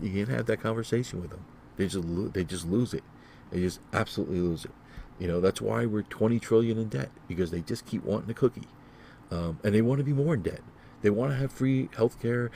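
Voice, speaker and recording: A man's voice: lowish voice, vocal fry, mellow, a little hiss or hum. A man hosting his own podcast, talking alone in a rambling, repetitive way with many fillers. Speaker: podcast host. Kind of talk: solo casual podcast monologue.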